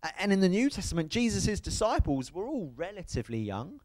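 A man preaching a sermon in a church, telling stories in a lively way and often checking with the congregation. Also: high-pitched, brisk. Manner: lively storytelling, asks the crowd "right?". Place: church hall.

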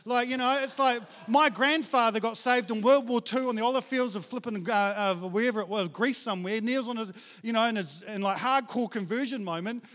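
A man preaching a sermon in a very high voice, and his words ring out with a long reverb as in a big hall. He talks in an energetic, chatty way, pokes fun at himself and drops slang like bro and mate. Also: fairly quick. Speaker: pastor.

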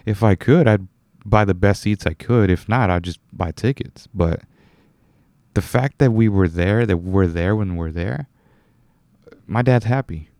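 Low-voiced man rambling on his podcast. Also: a little slow, a little mellow, dry recording, studio quality. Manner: rambling, self-correcting, chuckles often. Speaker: podcast host. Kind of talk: casual solo podcast monologue.

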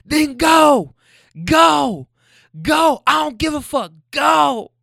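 A man voicing a furious young woman screaming at her partner in the street, shrill and yelling at the top of her lungs. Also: expressive, very slow, vocal fry, no echo, clean studio sound, heavily acted.

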